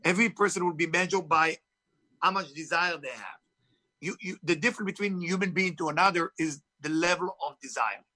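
A man's voice: on the high side, brisk, sharp tone. A man with a heavy foreign accent, an author and spiritual teacher speaking emphatically in an interview. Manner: emphatic, preachy, non-native phrasing. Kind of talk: interview talk.

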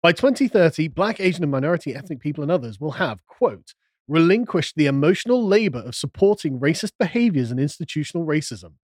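Animated, sarcastic male podcast host. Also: a little high, fast talker, dry recording, clean studio sound. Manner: reads documents aloud with sarcastic commentary. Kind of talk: casual political discussion podcast.

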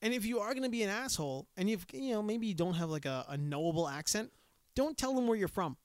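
A man's voice: sits high, animated, quick pace, smooth, dry recording, clean studio sound. A man from Canada, co-hosting a casual chat, joking and acting out people in raised voices. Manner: joking, acts out characters in raised voices, laughs often. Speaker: podcast co-host.

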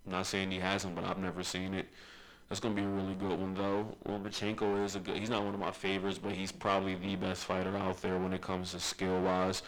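A man co-hosting a podcast, giving blunt, opinionated takes on fighters in a measured, casual way. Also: sits low, monotone, rough recording. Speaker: podcast co-host. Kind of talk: casual sports chat.

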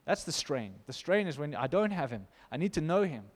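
A man preaching a sermon to his church, impassioned, swinging from loud to hushed. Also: on the high side, very animated, brisk. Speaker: pastor. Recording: long hall reverb.

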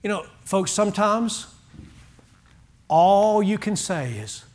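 Pastor, high voice, folksy, animated sermon that drops to a hush. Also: male voice, slow. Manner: animated, folksy, shifts from loud to hushed.

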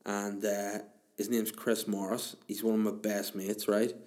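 A man's voice: fairly low pitch, flat delivery, unhurried, a little mellow. A man in his thirties, hosting a podcast alone in a room, telling a rambling comic story. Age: 30s. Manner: rambling, jokey, self-interrupting. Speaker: podcast host. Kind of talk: casual comedic monologue. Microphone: podcast microphone.

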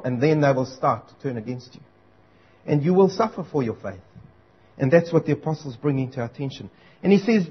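A man delivers an earnest, urgent sermon, repeating his key lines for weight. His voice sits high and a little husky. The recording is dull and lo-fi. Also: expressive, a little fast. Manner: earnest, urgent preaching with emphatic repetition. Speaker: preacher.

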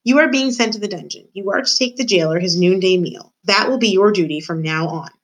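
A woman voicing a harsh, scornful castle cook who shouts at her kitchen help in a storybook reading. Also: mid-range voice, fairly quick, natural voice, rough recording.

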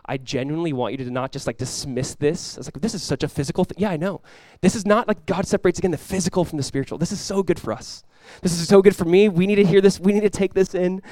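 Lively, conversational male pastor preaching. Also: high-pitched, fast, hardly any pauses, no room sound. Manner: conversational preaching with rising emphatic bursts. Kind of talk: sermon.

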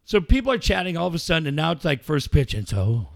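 A man in casual chat, telling a profane, animated story to a friend. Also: fairly high pitch, fast talker, vocal fry, no room sound, studio quality. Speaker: podcast co-host telling a story.

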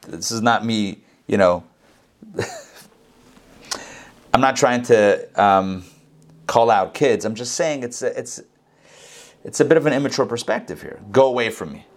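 A man giving an informal scripture lesson as a Bible teacher, talking conversationally and dropping jokey asides. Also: mid-range voice.

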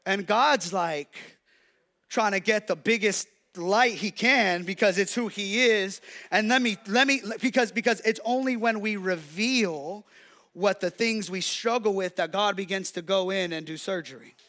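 High-voiced energetic preacher man. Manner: preaching to a congregation, playing the devil's and God's voices; energetic, with quick restarts and repeated calls. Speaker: pastor. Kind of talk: sermon.

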